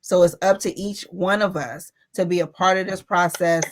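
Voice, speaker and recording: A woman with a fairly low voice hosting an interview. She asks her questions in a measured, encouraging way. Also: steady tone. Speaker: interviewer, host.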